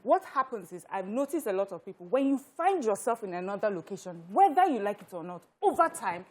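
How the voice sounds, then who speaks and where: A woman's voice: medium pitch, sing-song, brisk, a little mellow. A Nigerian woman co-hosting a studio talk show, explaining her point earnestly. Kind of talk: studio panel discussion.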